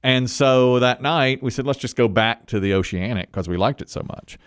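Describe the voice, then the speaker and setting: A man's voice: medium pitch, normal speed, smooth, dry recording, studio quality. A man hosting a talk show, telling a story casually and animatedly. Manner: animated storyteller, laughs often.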